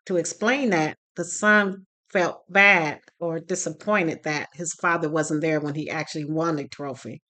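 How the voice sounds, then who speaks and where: Recording herself on her phone, a parenting class instructor with a slightly low but fairly bright voice tells a story straight to the camera. She speaks casually and emotionally, sharing an experience and slipping into the voices of the people she quotes.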